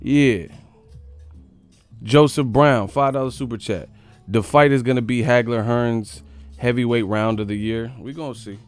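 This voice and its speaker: A man's voice: medium pitch, fairly even intonation, measured pace, clear, resonant tone, no echo, soft background music. A man hosting a boxing live stream, rambling in casual slang and laughing often as he talks to his chat. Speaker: boxing channel host.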